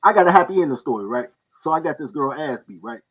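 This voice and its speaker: A man casually telling stories on a talk show, animated and quick to act out the people in them. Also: slight background noise, low-quality recording. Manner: animated storyteller, jumps into high-pitched voices for others. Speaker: podcast co-host telling stories. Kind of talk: casual storytelling chat.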